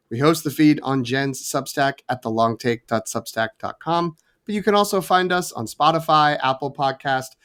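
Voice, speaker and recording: A rambling, self-deprecating man co-hosting a casual film podcast. His voice sits a bit high for a man, and he talks loosely, with restarts and asides. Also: a bit bright. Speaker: podcast co-host, professor.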